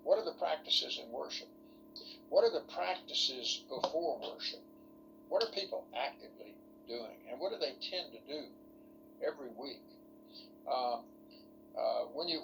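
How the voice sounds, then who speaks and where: A man's voice: a little high, animated, moderate pace, vocal fry, bright, forceful tone, slight background noise, low-quality recording. A man lecturing ministry students in an online workshop over a video call, folksy and rambling, full of rhetorical questions.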